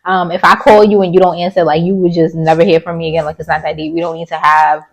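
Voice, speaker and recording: A woman's voice: low-pitched, little pitch movement, fast talker, vocal fry, rough recording. Blunt, chatty woman reviewing reality TV. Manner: chatty and blunt, with sassy asides; slips into mocking voices to quote people. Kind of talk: casual opinionated recap.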